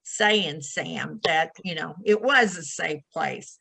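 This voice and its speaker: Woman guest, very slow, bright tone, thoughtful and affirming. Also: sits low, gravelly, no echo, rough recording. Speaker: podcast guest. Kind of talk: casual chat.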